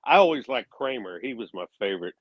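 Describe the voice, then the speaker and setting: A man's voice: medium pitch, animated, fast. A man chatting casually as a podcast co-host, speaking bluntly and profanely in a laid-back way. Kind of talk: casual chat. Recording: dull, dry lo-fi sound.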